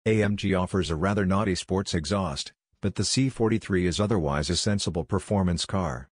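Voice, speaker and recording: A man giving a scripted car review voice-over in an even, measured reading. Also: low-pitched, dry recording, clean studio sound.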